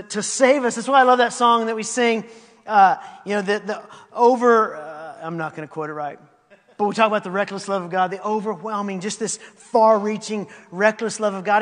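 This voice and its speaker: A man preaching a sermon as a story, animated, acting out quotes, swinging from loud to quiet. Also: high-pitched. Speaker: pastor. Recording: long reverb in a large hall.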